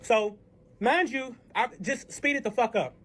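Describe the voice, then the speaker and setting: A man's voice: very high-pitched, unhurried, a bit bright, slight background noise. A man casually telling a heated personal story, swearing constantly and acting out both sides of arguments. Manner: profane, heated, reenacts arguments. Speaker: storyteller recounting a breakup.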